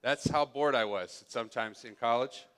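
A man's voice: mid-range voice, moderate pace, a bit bright, smooth. A male pastor preaching a sermon, playful and sarcastic as he speaks to his congregation in a church hall.

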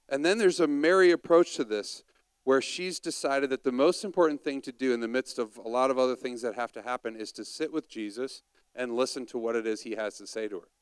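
A man's voice: mid-range voice, smooth, dry recording. A man preaching a conversational sermon and asking the audience questions.

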